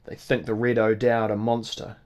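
A man's voice: on the low side, flat delivery, normal speed, a little mellow, lightly acted. A man voicing a huge, surly Irish tavern keeper who speaks bluntly in an Irish accent. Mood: gruff.

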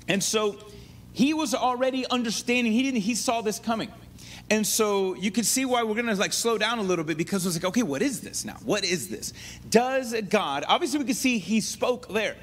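A man's voice: sits high, fairly bright tone, a little hiss or hum. A man preaching a sermon in a conversational teaching style, full of asides and restarts. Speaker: pastor.

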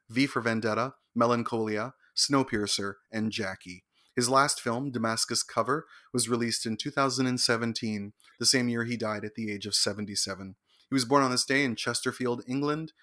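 A male co-host with a bright, forceful voice reads out birthday bios in a crisp, brisk delivery. His occasional wry asides keep it light. The sound is dry and close, as from a studio. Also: mid-range voice, dry recording. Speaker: co-host reading celebrity birthdays. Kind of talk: scripted entertainment segment with banter.

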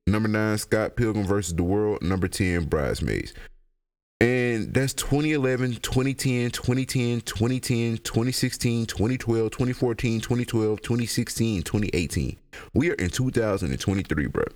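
Young man, high, rambling and profane, casual podcast, deep-ish, animated pitch. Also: moderate pace. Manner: rambling, profane, laughs a lot. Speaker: podcast host. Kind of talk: casual solo podcast rant.

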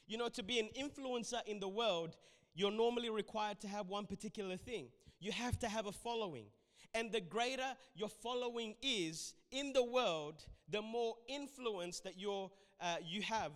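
Male preacher, high voice, emphatic sermon, church reverb. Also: a bit bright. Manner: emphatic, urging the congregation. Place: church hall.

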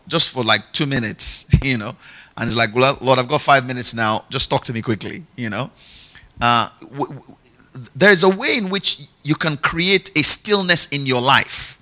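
A man teaching a sermon in a relaxed, conversational way, repeating his main points. His voice is very bright and sits fairly high. It rises and falls a lot as he talks. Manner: conversational, checks in often with "yeah?" and "okay?"; repeats key phrases. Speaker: preacher.

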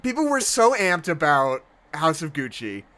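A man's voice: on the high side, big pitch swings, normal speed, sharp tone. A man in casual podcast chat about movies, talking loosely and laughing often. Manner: chatty, laughs often, quotes people in put-on voices. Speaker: podcast co-host.

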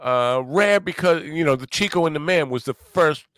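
A man's voice: on the high side, expressive, normal speed, a bit bright, no room sound, studio quality. A man hosting a podcast in casual chat, rambling, laughing often and swearing now and then. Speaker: podcast host.

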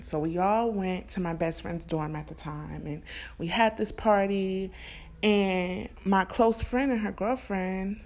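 A woman's voice: on the low side, gravelly, darkish tone. A woman in her twenties from California telling a personal story straight to camera, frank and slangy, laughing often. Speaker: storyteller vlogger. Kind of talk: candid storytime monologue.

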